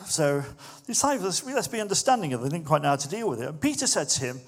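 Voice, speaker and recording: A man preaching a sermon in a relaxed, conversational way, turning lively when he acts out what others say. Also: fairly high pitch, fast talker, hardly any pauses. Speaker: pastor.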